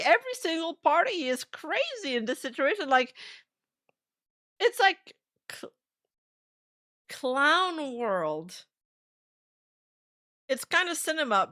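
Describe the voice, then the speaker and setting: Bright-voiced excitable woman streamer. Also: high voice, a little slow, pauses often. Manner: excitable, laughs often, swears. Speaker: streamer commentator. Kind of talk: casual reaction commentary.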